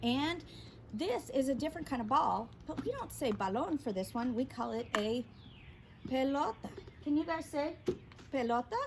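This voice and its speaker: A woman's voice: high-pitched, animated, moderate pace, gravelly, noisy background. A woman teaching a children's Spanish vocabulary lesson, upbeat and prompting her class to repeat each word.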